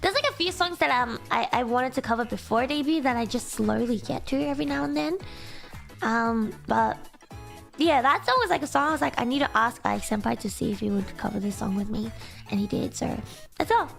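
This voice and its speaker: Bubbly high-voiced woman streamer. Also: lively intonation, fairly quick, creaky, a bit bright, faint music behind. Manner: bubbly, giggly, rambling with many fillers. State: sleepy morning voice. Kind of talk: casual chat reading donations.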